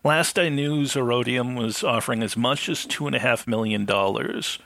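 A man on a podcast panel, explaining things in a measured way with a dry sense of humor. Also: medium pitch, creaky, a bit bright. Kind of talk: casual podcast discussion.

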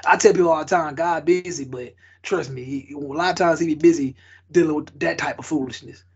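A man's voice: a little high, a little fast, gravelly, husky, highs cut off. A man co-hosting a casual podcast, laying down life advice with slang and basketball analogies. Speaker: podcast co-host.

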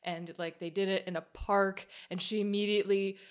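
A woman co-hosting a podcast, telling stories in a casual, animated way and acting out what people said. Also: mid-range voice, fairly quick, clear, resonant tone. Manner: animated storyteller, acts out quotes. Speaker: podcast co-host. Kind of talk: casual chat.

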